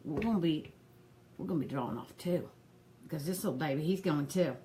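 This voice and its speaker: A woman's voice: deep voice, brisk, warm tone, a little hiss or hum, pitched below the performer's own voice, natural voice. A woman voicing a harried, gossipy old granny who rambles in a folksy drawl while hosting a pearl party. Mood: chatty. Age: older. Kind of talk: comedic character live stream.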